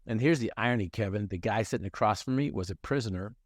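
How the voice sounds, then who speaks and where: Earnest low-voiced middle-aged man. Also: fast, dry recording, clean studio sound. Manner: earnest, emphatic, repeats phrases for effect. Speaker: motivational speaker telling his story. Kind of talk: personal storytelling in a conversation.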